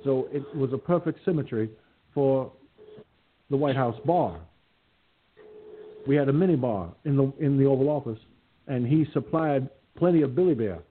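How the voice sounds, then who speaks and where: A man putting on a folksy older male ex-president, talking briskly. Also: mid-range voice, slight background noise, natural voice. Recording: phone-like lo-fi line.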